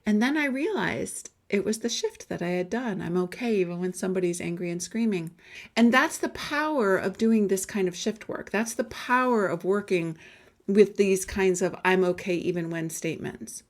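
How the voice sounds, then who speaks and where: A woman coach giving a conversational, emphatic sales pitch, telling a personal story and briefly acting out the voices she quotes. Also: moderate pace. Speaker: life coach selling guided audios.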